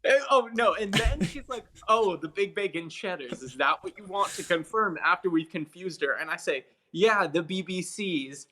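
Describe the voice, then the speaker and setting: A man's voice: sits high, animated, moderate pace, hardly any pauses, bright, forceful tone. A young man co-hosting a podcast in casual chat, joking and teasing his friend. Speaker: podcast co-host.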